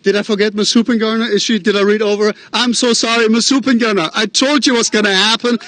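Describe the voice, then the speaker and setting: This Midwestern-accented principal talks fast in a high, slightly bright voice with a steady tone, and the recording has no room sound. He's delivering an earnest, encouraging welcoming address at an outdoor drive-in graduation, full of fillers and self-deprecating asides.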